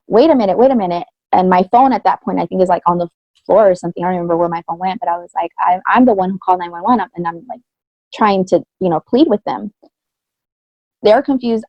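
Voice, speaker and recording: Gravelly-voiced woman telling her story. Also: lowish voice, no room sound. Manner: candid, earnest retelling with blunt slang. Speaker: podcast co-host. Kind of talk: personal storytelling in casual chat. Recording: dry, slightly dull lo-fi sound.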